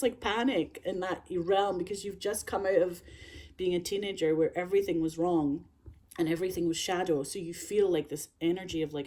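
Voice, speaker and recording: Woman rambling thru a story, lowish mellow voice, lots of filler. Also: normal speed. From Scotland. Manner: rambling, heavy use of filler words, laughs often. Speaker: vlogger. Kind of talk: casual storytelling monologue.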